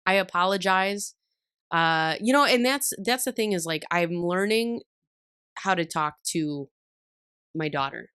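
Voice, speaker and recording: A woman's voice: lowish voice, expressive, unhurried, a bit bright, smooth, no room sound, studio quality. Candid, laughing woman hosting a podcast. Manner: candid, swears freely, laughs a lot while telling stories. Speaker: podcast host. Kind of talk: casual chat.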